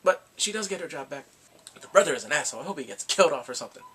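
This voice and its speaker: A man giving a rambling, excitable casual recap of a TV drama, reacting with gasps and quoted asides. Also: a little high, rapid-fire, slightly rough. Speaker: drama reviewer.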